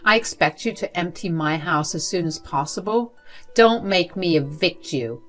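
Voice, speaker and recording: A woman's voice: fairly low pitch, lively intonation, normal speed, faint music behind, lightly acted. A woman voicing a cold, spiteful older woman who runs a school, speaking in a cruel, dismissive way. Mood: contemptuous.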